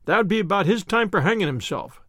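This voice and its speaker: A man's voice: high-pitched, lively intonation, fast, fairly bright tone, dry recording, clean studio sound. A man voicing a hearty, self-assured police inspector with a matter-of-fact manner.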